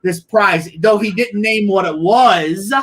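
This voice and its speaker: Man, livestream co-host, high bright voice, rambling storyteller with lots of filler words, on a video call. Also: slow pace. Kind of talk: casual storytelling chat.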